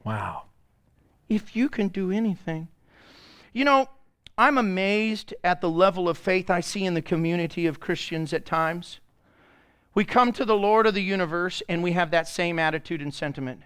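A man preaching a Pentecostal sermon in a church, animated, dropping into quiet asides and rising into loud bursts as he prods the congregation to answer. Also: high-pitched, moderate pace, clear, resonant tone. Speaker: pastor. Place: church sanctuary before a congregation.

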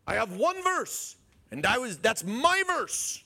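A man preaching a sermon in an animated way, questioning his listeners and chuckling as he goes. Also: extremely high pitch, takes it slowly, vocal fry. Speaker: pastor.

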